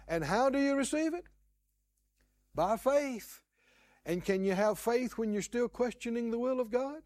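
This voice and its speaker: Slow, lively-pitched male preacher. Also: dry recording. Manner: emphatic, repeats key words, acts out quoted prayers. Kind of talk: sermon.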